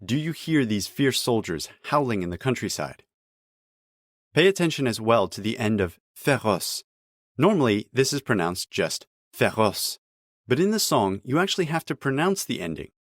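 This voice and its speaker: A man calmly explaining text line by line as a language teacher, in scripted narration with careful, clear pronunciation of examples. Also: medium pitch, normal speed, no room sound, clean studio sound.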